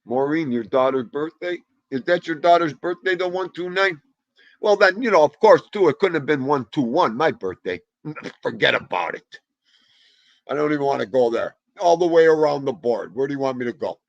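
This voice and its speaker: Gravelly excitable New livestream host. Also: male voice, on the high side, normal speed, dry recording, dull audio. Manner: rambling, excitable, greeting viewers by name. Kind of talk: casual chat.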